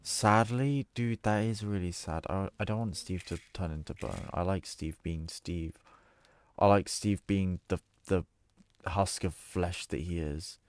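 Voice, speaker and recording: Male streamer, low and unhurried, jokey live gameplay commentary with casual swearing. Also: clean tone. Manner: joking, chatty, swears casually.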